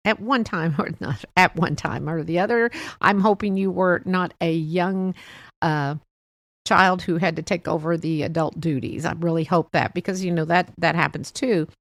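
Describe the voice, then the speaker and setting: A woman's voice: on the low side, moderate pace, no room sound, studio quality. An older woman hosting a podcast, telling stories in a rambling, chatty way and laughing often. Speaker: podcast host. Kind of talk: casual monologue.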